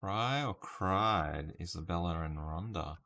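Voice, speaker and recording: A man's voice: deep voice, takes it slowly, creaky, bright, forceful tone. A man casually live-streaming a word puzzle, thinking aloud over his guesses and chatting with viewers by name. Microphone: webcam stream setup.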